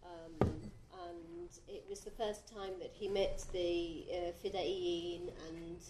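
A woman's voice: lowish voice, takes it slowly, gravelly, very noisy. A woman interviewer asks her questions hesitantly, with fillers and restarts. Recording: echoey room.

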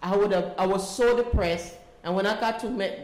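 A woman's voice: mid-range voice, moderate pace, a little mellow. Emotional woman pleading in an echoey hall. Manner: emotional, pleading, repeats herself. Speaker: volunteer speaking at a community meeting. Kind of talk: impassioned personal testimony. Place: meeting room. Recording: echoey meeting room.

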